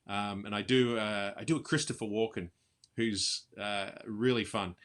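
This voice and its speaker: Male impersonator, chatty interview guest on a video call, bright tone. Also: fairly low pitch. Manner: chatty, quick laughs, drops into voices. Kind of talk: casual interview chat.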